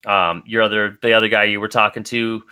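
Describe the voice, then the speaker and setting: A man narrating a tabletop game as game master, relaxed and descriptive with frequent ums. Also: lowish voice, brisk, clear, resonant tone, no echo.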